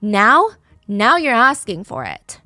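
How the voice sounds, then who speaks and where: A woman voicing a menacing, unstable male attacker in a spoken true crime story, speaking flat and curt in close to her own voice. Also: fairly high pitch, takes it slowly, dry recording, full character voice. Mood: threatening.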